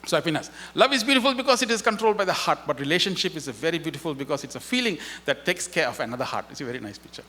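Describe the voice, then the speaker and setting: A man's voice: a little high, expressive, rapid-fire, hardly any pauses, bright, forceful tone. A man giving an inspirational spiritual talk at a festival as a guest speaker, telling stories animatedly and acting out their dialogue. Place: festival hall.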